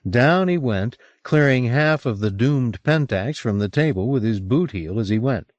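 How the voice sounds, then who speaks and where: A man's voice: expressive, moderate pace, no room sound, highs cut off. A man narrating a novel as an audiobook reader, recorded on an old cassette. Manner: voices each character with raised pitch. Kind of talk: audiobook reading.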